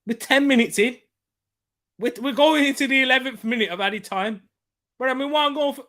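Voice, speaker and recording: A man hosting a live football watchalong, excitable, laughing often and shouting out at near chances. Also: extremely high pitch, fairly quick.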